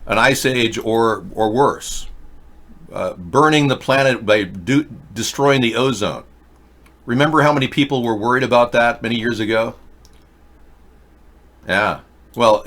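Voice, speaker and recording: Bright-voiced man hosting a ranting talk show. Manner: ranting, swinging between loud high outbursts and low mutters. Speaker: political talk show host. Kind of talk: rambling live-stream monologue.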